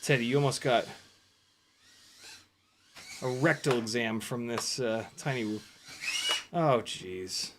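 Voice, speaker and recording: A man live-streaming indoor drone flights, commenting excitedly and answering chat questions, exclaiming and swearing at crashes. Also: mid-range voice, slow pace, long pauses, background noise. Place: house, indoors.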